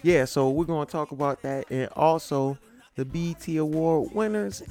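A man's voice: fairly high pitch, darkish tone. A man hosting a podcast in a loose, casual way, with many fillers and restarts. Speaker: podcast host.

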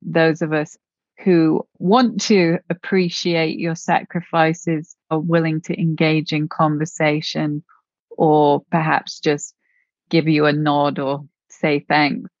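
A woman hosting an interview, gently affirming her guest and asking follow-up questions. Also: deep voice, little pitch movement, slow, no room sound, muffled recording. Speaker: interviewer, host. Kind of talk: conversational interview.

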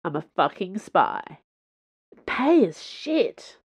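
A woman's voice: fairly low pitch, very animated, slow pace, husky, exaggerated voice. A woman voicing a rattled, hungover young man who blurts and sputters his words. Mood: flustered.

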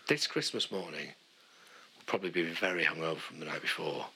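A man's voice: sits low, animated, brisk, sharp tone, slight background noise. A British man co-hosting a podcast in casual banter, teasing, swearing and laughing often. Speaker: podcast co-host.

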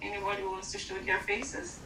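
A woman with an African accent giving an informal online sermon from home, halting, with many fillers and restarts. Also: mid-range voice, roomy sound, far from the mic, background noise. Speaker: church teacher.

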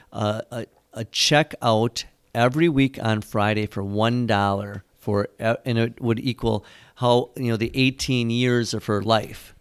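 A man's voice: medium pitch, smooth, dry recording, clean studio sound. A man who is a pastor and catechism teacher, talking in a rambling, storytelling way with frequent fillers in a casual church discussion. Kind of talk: conversational church podcast discussion.

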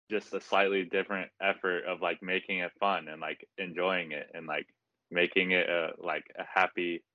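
A young man, a student, talking on a video call in a halting way, filling his sentences with "like". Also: low-pitched, no room sound. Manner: halting, with many "like" fillers. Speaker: student guest. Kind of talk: casual chat on a video call. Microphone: noise-canceling mic on a video call. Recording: dull, lo-fi video call audio.

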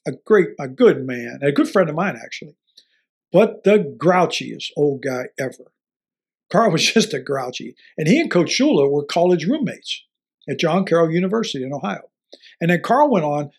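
Older guy, ex football coach, husky voice, telling a story all animated and chuckling. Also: a little high. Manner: animated storyteller, acts out dialogue, chuckles often.

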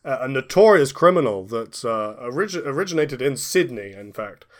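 Halting man running a tabletop game. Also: mid-range voice, expressive. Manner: halting, many fillers and restarts. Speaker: game master.

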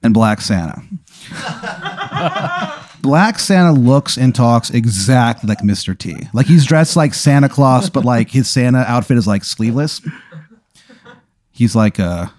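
A man's voice: medium pitch, very animated, measured pace, long pauses, a little mellow. A man narrating an improvised role-play as game master, chatty and often laughing.

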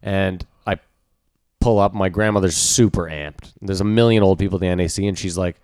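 A young man with a fairly low voice is telling a profane story, acting out the quotes as he goes. The sound is close and dry, with no room echo. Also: steady tone, a little fast, a little mellow. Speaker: podcast co-host. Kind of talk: casual chat.

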